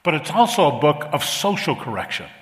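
A middle-aged man preaching a sermon as pastor, animated and repeating phrases for emphasis. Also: fairly high pitch, a little fast. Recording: long reverb of a large hall.

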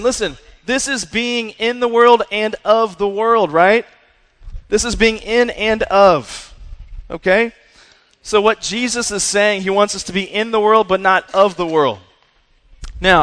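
Male youth preacher with a high voice, punchy and conversational, recorded in a big reverberant hall. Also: a little slow. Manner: energetic, repeats "right?" and "listen". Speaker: youth pastor. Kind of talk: sermon to young people.

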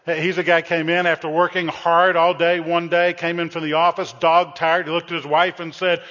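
A man's voice: a little high, level tone, a little fast, few pauses, pushed and bright. A male pastor preaching a humorous sermon, teasing and calling out to his congregation. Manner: playful, teasing, addresses the congregation directly. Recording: dull, echoey church sanctuary recording.

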